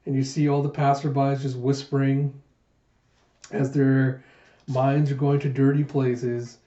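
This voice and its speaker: A man reviewing a manga in a casual readthrough, animated and laughing as he retells scenes. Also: medium pitch, measured pace. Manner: animated, lots of laughing asides. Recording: echoey room, dull sound.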